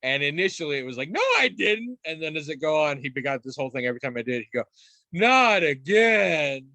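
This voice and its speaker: An adult man sits at a podcast mic telling family anecdotes in loose, casual chat. He stumbles through restarts, swears now and then and gets animated as a story builds. His voice is mid-pitched and sits close and dry, with no room sound around it. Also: racing, no room sound. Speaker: podcast co-host.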